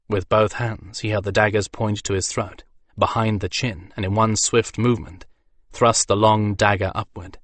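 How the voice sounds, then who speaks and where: Low-voiced man narrating a fantasy audiobook. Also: fairly bright tone, dry recording.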